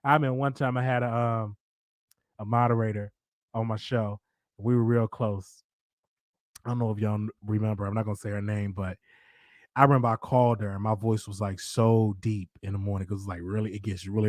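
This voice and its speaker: A man hosting his own show in rambling, animated casual chat, thinking out loud. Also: on the low side, fairly quick, no echo. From Dallas, Texas. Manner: rambling, animated, talks to himself aloud. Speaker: show host.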